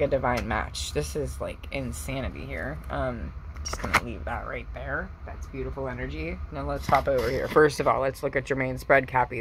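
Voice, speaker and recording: A woman doing a casual tarot reading for viewers. She is excitable, laughs often, swears casually and calls the audience pet names. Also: a bass voice, slight background noise, low-quality recording. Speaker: tarot reader.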